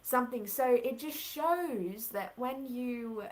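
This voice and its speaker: A woman's voice: fairly high pitch, takes it slowly, a little mellow, rough recording. A young woman in her late teens, a guest telling her story casually, with many filler words and restarts. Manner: chatty, filler-heavy, lots of "like". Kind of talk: casual conversation.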